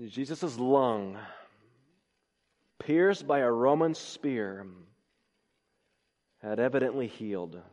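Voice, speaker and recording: A man's voice: mid-range voice, expressive, slow pace, pauses often, a little mellow. Man preaching a sermon in a reverberant hall. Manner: emphatic, builds to rising exclamations.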